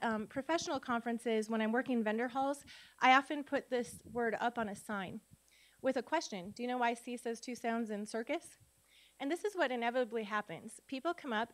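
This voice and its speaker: A middle-aged woman giving a conference talk on phonics, teaching spelling rules by quizzing the audience with rhetorical questions. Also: high voice. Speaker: literacy educator and conference speaker. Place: conference room before an audience.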